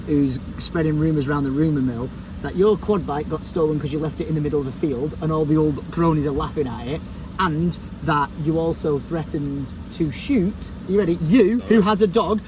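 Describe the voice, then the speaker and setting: Indignant high-voiced man. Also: normal speed. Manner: indignant, animated retelling. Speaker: vlog companion. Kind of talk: casual storytelling chat. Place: outdoors by a canal. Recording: outdoor mic with strong background noise.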